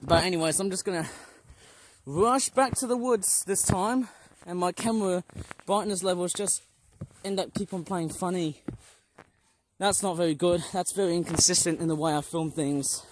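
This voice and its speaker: A man's voice: sits high, moderate pace, noisy background. A man from Malaysia casually narrating a plane spotting vlog outdoors, rambling and commenting on passing trains and planes into a handheld camera. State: out of breath. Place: outdoors near a railway and airfield.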